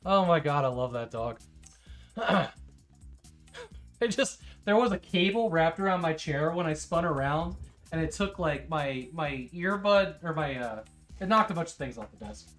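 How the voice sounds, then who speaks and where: A woman with a notably low voice hosts a relaxed stream. She rambles casually, full of fillers and restarts. Faint music plays quietly behind her. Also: normal speed. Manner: rambling, filler-heavy, gushes over her dog. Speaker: streamer host.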